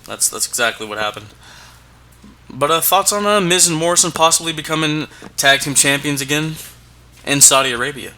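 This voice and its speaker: Male podcast co-host, very bright, forceful tone; stammers and repeats, playfully hyped. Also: a little high, brisk, slight background noise. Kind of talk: casual wrestling podcast chat.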